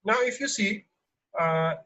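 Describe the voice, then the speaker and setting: A man teaching an online exam-prep lesson, explaining slowly with lots of fillers and restarts. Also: sits high, sharp tone, poor audio. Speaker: English teacher.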